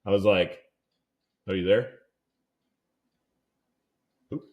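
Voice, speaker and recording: Young california guy on a podcast, kinda low voice, rambling story, lots of like and dude. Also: fairly even intonation, takes it slowly, narrow, tinny audio. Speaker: podcast co-host. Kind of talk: casual storytelling.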